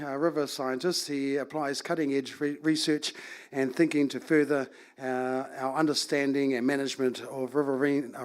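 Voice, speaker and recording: A man chairing a conference session, introducing the next speaker in a halting way with many fillers and some Māori phrases. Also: medium pitch, darkish tone. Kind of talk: formal introduction.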